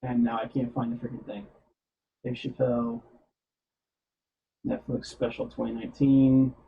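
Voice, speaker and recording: A man's voice: medium pitch, flat delivery, moderate pace, gravelly, phone-quality sound. A man hosting a casual streamed chat show, rambling with lots of fillers and laughing often. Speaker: podcast host.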